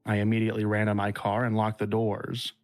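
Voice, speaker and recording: A man hosting a podcast who reads a listener's horror story aloud at a measured, unhurried pace and then chats casually with guests. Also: lowish voice, completely flat delivery, soft background music. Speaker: podcast host.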